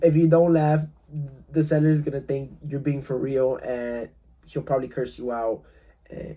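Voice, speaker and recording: A man coaching real estate wholesalers in a casual talk, acting out calls with sellers and often repeating himself. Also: dark tone. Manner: role-plays calls with sellers, laughing at his own lowball offers; repetitive, restarts often.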